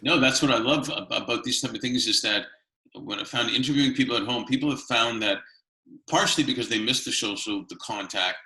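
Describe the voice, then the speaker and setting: A man's voice: mid-range voice, fairly quick, bright, forceful tone, reverberant, rough recording. A man from Canada hosting a casual interview, chatty and rambling with many fillers. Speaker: interview host.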